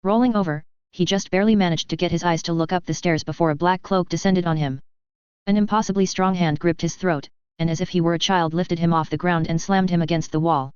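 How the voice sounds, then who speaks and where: Crisp, smooth audiobook narrator. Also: mid-range voice, fairly even intonation, brisk, no echo. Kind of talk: audiobook fiction reading. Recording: slightly dull, lo-fi.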